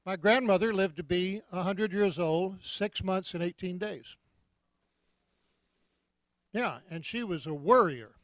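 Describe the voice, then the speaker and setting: A man in his seventies preaching a sermon, jovial and joking, breaking into loud shouts of praise. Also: sits high, unhurried, pauses often, dry recording. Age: 70s. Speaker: guest preacher.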